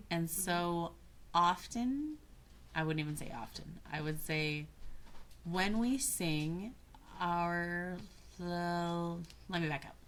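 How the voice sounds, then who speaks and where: A woman guest on a coaching podcast, talking in a reflective way and often pausing to find her words. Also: on the low side, slight background noise. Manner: thoughtful, searching for words, restarts mid-phrase.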